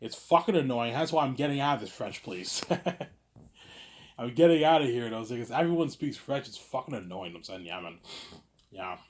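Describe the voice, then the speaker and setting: A man's voice: medium pitch, animated, moderate pace, slight background noise. A man from Quebec rambling through a casual livestream monologue, stumbling over restarts and tacking on the same filler word again and again. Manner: repetitive, stammering restarts, keeps saying "obviously". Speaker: livestream host reading viewer questions.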